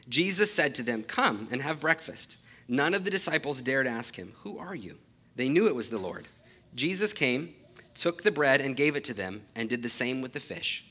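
A man with a bright, forceful voice, pitched a little above most men, preaches an earnest sermon. He reads scripture aloud, then explains it, leaning on key phrases and slowing down to stress them.

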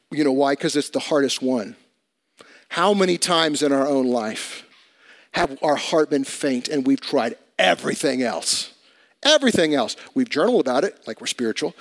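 A pastor preaching a sermon in a conversational way, swinging between loud emphatic bursts and quiet asides. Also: male voice. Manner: conversational preaching with dramatic swings in volume and pitch.

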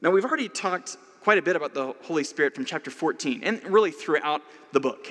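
Bright-voiced preaching man in a hall. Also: a little high. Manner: conversational preaching with asides. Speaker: pastor. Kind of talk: sermon.

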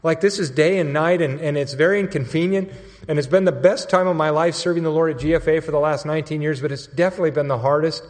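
A man's voice: on the high side, quick pace. A man telling a story in a sermon, speaking in a conversational, earnest way, with a long hall reverb around him. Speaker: mission staff speaker.

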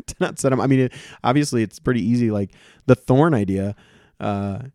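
A man's voice: medium pitch, darkish tone, no echo, clean studio sound. A man co-hosting a podcast, chatting casually and jokingly about an old radio episode, rambling and punning. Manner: joking, rambling, puts on quick voices. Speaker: podcast co-host. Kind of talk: casual chat reviewing an old radio show.

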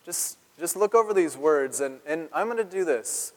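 A man's voice: fairly high pitch, lively intonation, moderate pace, few pauses, long reverb tail, low-quality recording. A male pastor giving a playful, conversational sermon in a church, chuckling often and speaking straight to the congregation.

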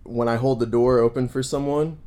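A man from the United States co-hosting a podcast, talking in a relaxed, conversational way and explaining things plainly. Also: mid-range voice, a little fast. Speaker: podcast co-host. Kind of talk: casual chat. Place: Santiago, Chile.

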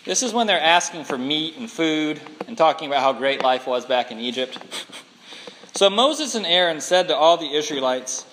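A man teaching a Bible class in an animated way, laughing often and acting out the people he quotes. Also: on the high side, normal speed. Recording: long hall reverb.

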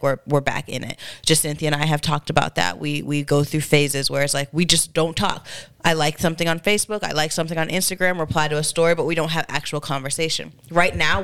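Casual and candid, a thirtysomething woman co-hosting a podcast chats away with plenty of fillers and a slight congestion. Her voice sits low, its tone clean and fairly bright.

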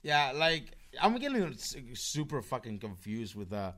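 Man, slurred rambling chat voice, lively swings in pitch, swears a lot. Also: a little slow. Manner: rambling, restarts, heavy swearing. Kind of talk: casual online group chat.

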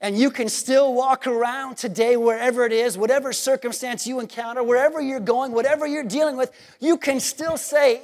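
A man preaching a sermon in an animated, worked-up and jokey way. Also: very high voice, normal speed.

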